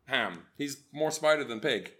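A man's voice: medium pitch, animated, pushed and bright. A man co-hosting a podcast in casual film chat, talking loosely and swearing freely. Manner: loose, profane, drops into quick impressions. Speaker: podcast co-host.

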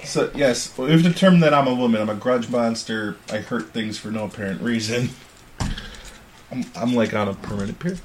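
A man playing a tabletop game, casually describing his character's backstory with deadpan jokes. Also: medium pitch, fairly quick, slight background noise. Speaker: player.

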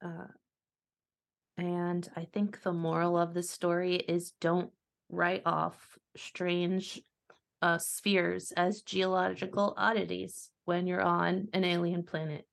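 A woman's voice: lowish voice, little pitch movement, takes it slowly, creaky. A woman co-hosting a casual podcast chat, with dry, wry humor. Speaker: co-host.

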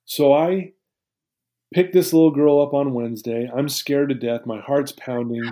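A man's voice: medium pitch, steady tone, moderate pace, warm tone. A middle-aged man telling his life story to an interviewer, earnest and emotional, with many restarts. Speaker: guest.

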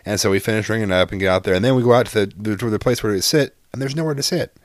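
A man's voice: on the low side, very fast, few pauses, no room sound, studio quality. A man in his thirties telling a story in casual chat, exasperated and profane, rambling with lots of fillers.

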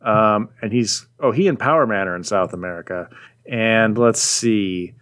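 A man in casual chat, animatedly retelling a comic book plot and briefly voicing its characters. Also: lowish voice. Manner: rambling, animated retelling with quick voices for characters. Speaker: podcast co-host recapping a comic.

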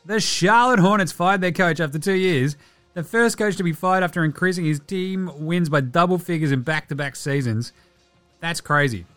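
An Australian man hosting a basketball talk show, chatting casually with profane jokes and quick asides. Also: fairly high pitch, a bit bright, dry recording, faint music behind. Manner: profane, joking, rapid asides. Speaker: basketball podcast host. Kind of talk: casual sports chat.

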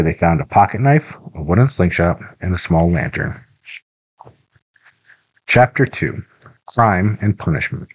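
A man narrating a children's adventure audiobook in a steady, even reading. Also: fairly low pitch, slightly rough, muffled recording. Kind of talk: scripted narration.

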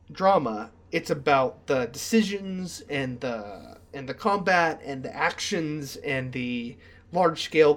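A man co-hosting a casual podcast chat, animated and excitable, tripping over many "like" fillers and restarts. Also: fairly high pitch. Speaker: podcast co-host.

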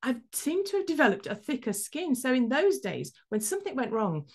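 A woman hosting a podcast, telling a story in a lively, self-mocking way. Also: high voice, brisk. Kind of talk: casual chat.

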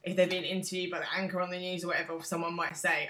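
An English woman co-hosting a podcast, chatting about a show with opinionated, lively asides. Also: lowish voice, racing, few pauses, roomy sound. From England. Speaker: podcast co-host. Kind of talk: casual chat recapping a show.

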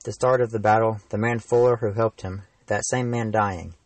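A man's voice: on the low side, steady tone, normal speed, dry recording, poor audio. Teen man reading his fantasy novel aloud. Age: teens.

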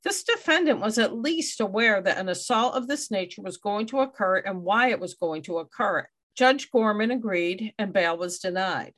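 A woman's voice: mid-range voice, expressive, normal speed, hardly any pauses, a bit bright. A woman hosting a true crime podcast, reading out case details and adding wry asides. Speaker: podcast host.

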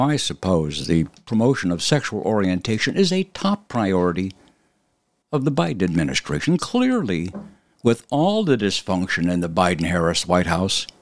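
Emphatic male commentator, lively pitch. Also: dry recording. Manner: emphatic, with sudden high-pitched jumps. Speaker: podcast host. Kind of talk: opinion commentary monologue.

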